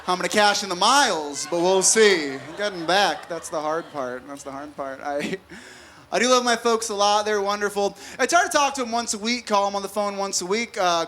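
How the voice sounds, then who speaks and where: High, bright-voiced man doing stand-up. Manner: conversational, quick jokes told to a live crowd. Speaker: stand-up comedian. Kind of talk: stand-up comedy set. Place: comedy venue stage with a live audience.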